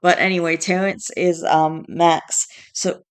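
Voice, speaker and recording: Tired, rambling woman vlogger with a low smooth voice. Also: flat delivery, a little slow. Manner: rambling, restarting sentences. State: tired, fighting yawns; stressed. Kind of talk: casual vlog chat.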